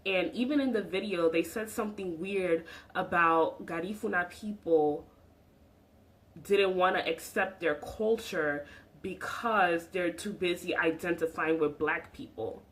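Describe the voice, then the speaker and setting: A woman's voice: on the low side, unhurried, low-quality recording. A young woman vlogging her opinions, emphatic and preachy, talking with her hands. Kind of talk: passionate opinion vlog.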